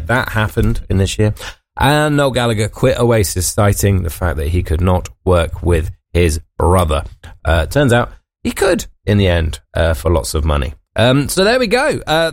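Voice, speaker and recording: Chatty breakfast radio host. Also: male voice, lowish voice, dry recording. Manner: chatty, jokey, frequent ums and uhs. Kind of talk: casual radio presenting. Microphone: studio microphone.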